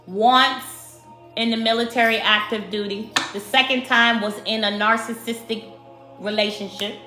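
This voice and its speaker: A woman from Brooklyn with a New York accent, giving a spiritual tarot card reading to her viewers in slow, emphatic speech that addresses them as the collective. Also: fairly high pitch, steady tone, sharp tone. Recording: echoey room with faint music.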